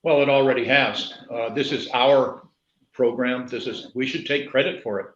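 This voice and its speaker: An earnest man of middle pitch telling stories as a candidate. His voice comes through a roomy, echoing space, and the call audio is dull and muffled. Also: fairly even intonation, normal speed, a little hiss or hum. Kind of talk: measured conversational answers. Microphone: video call.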